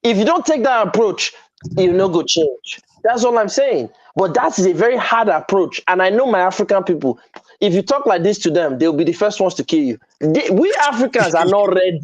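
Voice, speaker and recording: A man's voice: high voice, lively intonation, fairly quick. A man, hosting a heated panel debate, emphatic and provocative, sometimes slipping into pidgin. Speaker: host. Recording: dull lo-fi sound.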